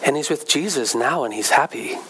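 A man's voice: mid-range voice, lively intonation, brisk, bright, forceful tone, a little hiss or hum, poor audio. Little girl with happy tears, as a preacher tells it. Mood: earnest.

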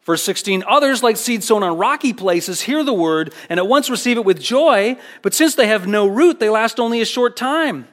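A male pastor delivering a sermon in an earnest, emphatic way. His voice sits a little higher than most men's, and he leans on repeated phrases to drive each point home. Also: animated, normal speed, hardly any pauses, a bit bright.

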